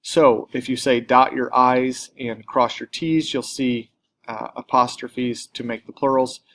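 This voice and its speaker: A man's voice: mid-range voice, fairly even intonation, unhurried, creaky, a bit bright. A man teaching a recorded grammar lesson, explaining plainly step by step, with an occasional filler or self-correction.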